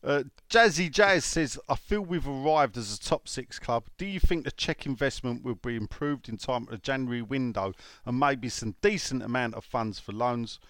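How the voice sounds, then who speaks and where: A man's voice: mid-range voice, normal speed, hardly any pauses, a bit bright, no room sound. A man hosting a casual chat show, rambling and joking as he reads out listener comments. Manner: rambling, joking, many fillers and restarts. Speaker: podcast host.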